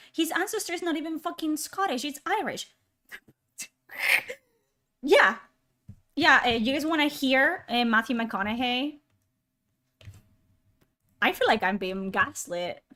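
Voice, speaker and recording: A woman's voice: high-pitched, bright, forceful tone. A woman ranting through a reaction video, sarcastic, incredulous and full of swearing. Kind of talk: exasperated ranting commentary.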